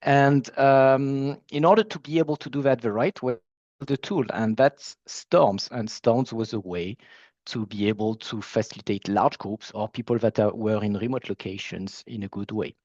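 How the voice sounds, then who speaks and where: A man's voice: mid-range voice, moderate pace, a little mellow, no room sound. French guy chatting on a video call, self-deprecating, dry dull-sounding audio. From France. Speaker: founder of a facilitation platform, panel guest. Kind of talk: casual panel conversation.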